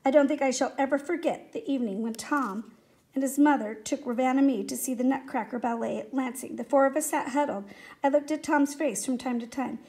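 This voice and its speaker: Woman, high voice, reading a children's story aloud, expressive storytelling. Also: a little fast. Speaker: reader.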